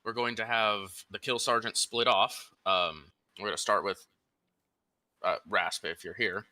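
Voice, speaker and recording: A man runs a tabletop game as game master. His voice is deep with a strikingly bright, forceful tone. He explains rules easily and laughs often. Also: steady tone, a little slow.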